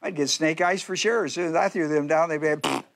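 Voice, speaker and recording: A male pastor preaching a sermon in a folksy, joking way, full of quick asides and playful jabs at his listeners. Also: on the high side, fairly even intonation.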